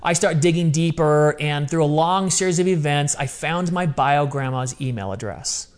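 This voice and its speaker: A man in his fifties with a fairly high voice tells a personal story in conversation. He is earnest and animated, and he slips into his own remembered words as he goes. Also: moderate pace. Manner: earnest, animated, quoting himself. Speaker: guest telling his adoption story.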